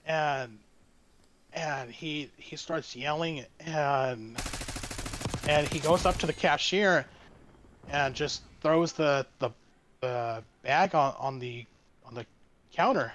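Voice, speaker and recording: A man chatting casually as an interview guest, telling a long story that wanders with frequent restarts. His voice sits slightly high for a man, and a light hiss of noise runs underneath. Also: takes it slowly, pauses often. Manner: rambling, with many restarts and fillers. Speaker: streamer guest.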